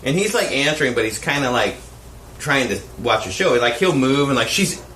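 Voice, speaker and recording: Male podcast co-host, expressive storyteller, roomy sound with light noise. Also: medium pitch, moderate pace. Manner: animated, profane storytelling with quoted voices. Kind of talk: casual storytelling chat.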